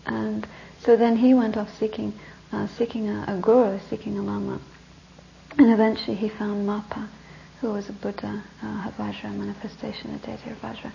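A woman Buddhist teacher telling a story in a dharma talk, conversational, with restarts and sentences that trail off softly, on a dull lo-fi recording. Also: mid-range voice, level tone, brisk, gravelly, slight background noise.

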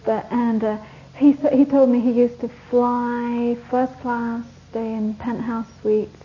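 A woman's voice: a little high, flat delivery, slow pace. A woman teaching a Buddhist course, giving a rambling, anecdotal dharma talk to a retreat group and laughing often. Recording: dull lo-fi recording, faint hiss.

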